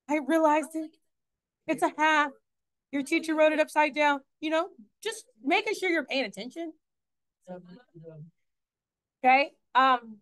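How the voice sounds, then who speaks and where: A woman with a bright, high voice teaches a math lesson in a classroom. She talks in a chatty way, keeps asking the class questions and corrects herself as she goes.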